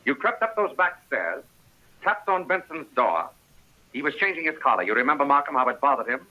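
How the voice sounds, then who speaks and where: An actor with a Mid-Atlantic accent playing a sharp male sleuth who accuses a suspect in 1930s film acting. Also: mid-range voice, big pitch swings, brisk, full character voice, poor audio. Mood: accusing. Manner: accusing, theatrical.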